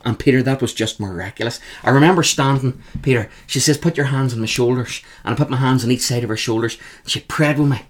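A man with a Northern Irish accent, a guest telling emphatic, animated stories in an interview. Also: medium pitch, fast, few pauses. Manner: animated, emphatic, repeats the host's name. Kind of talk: storytelling in an interview.

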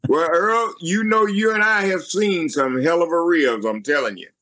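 A man co-hosting a talk show, chatting in halting, emphatic bursts full of fillers. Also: on the high side, pushed and bright. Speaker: co-host. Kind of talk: casual chat.

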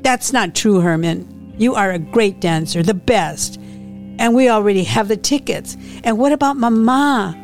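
A woman's voice: fairly low pitch, measured pace, a little mellow, faint music behind. A woman reading a novel aloud and voicing a heartbroken young woman who pleads through tears. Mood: pleading.

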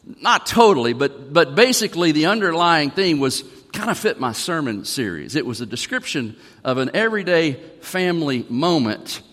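Folksy pastor in a reverberant church. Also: male voice, on the high side, big pitch swings, normal speed, few pauses, fairly bright tone. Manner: folksy, conversational, reads song lyrics aloud. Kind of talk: sermon. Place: church sanctuary. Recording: long reverb of a church hall.

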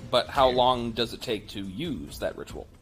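A man's voice: mid-range voice, expressive, moderate pace, fairly bright tone, soft background music. A man acting as game master, narrating with rambling, word-searching descriptions and playful sound effects.

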